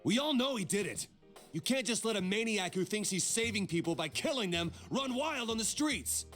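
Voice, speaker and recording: A hot-headed delinquent teen. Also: male voice, sits high, lively intonation, moderate pace, faint music behind. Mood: furious. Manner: shouty, rough-spoken. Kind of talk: English video game dub.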